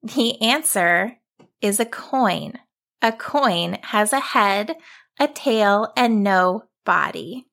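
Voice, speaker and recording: Woman as a calm, friendly young girl; unhurried, bright tone. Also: mid-range voice, creaky, heavily acted.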